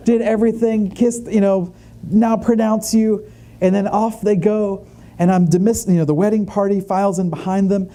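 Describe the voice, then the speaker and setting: Dark-voiced man telling a lively story. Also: high-pitched. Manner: animated, chatty, many fillers and asides. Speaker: conference speaker. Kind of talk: humorous storytelling talk. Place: conference stage before an audience.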